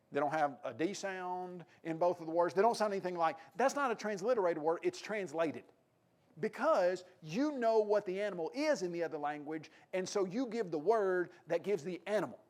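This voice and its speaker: A man with a Tennessee accent preaching a sermon, acting out quoted lines with a raised, animated delivery. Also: sits high.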